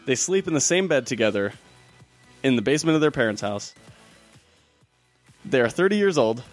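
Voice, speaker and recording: A young man hosting a casual podcast, relaxed and storytelling with frequent laughs. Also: mid-range voice, moderate pace, soft background music. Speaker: podcast host. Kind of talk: casual chat.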